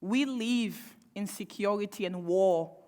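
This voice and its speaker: A young woman delivers a public speech in an impassioned, pointed way. She leans on rhetorical questions and dry sarcasm. Her medium-pitched voice carries long reverb from a large hall. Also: measured pace, mellow. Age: young adult. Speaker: panel speaker.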